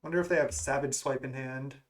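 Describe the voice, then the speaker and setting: A man's voice: mid-range voice, steady tone, brisk. A man talking through his moves as he plays an online card game, musing and questioning himself as he goes. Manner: musing, self-questioning strategy talk. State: has the hiccups. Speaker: gaming content creator. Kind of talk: thinking aloud during card game play.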